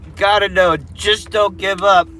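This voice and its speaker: A man's voice: sits high, steady tone, unhurried, sharp tone, a little hiss or hum. A man livestreaming, giving viewers an earnest, emotional pep talk full of swearing.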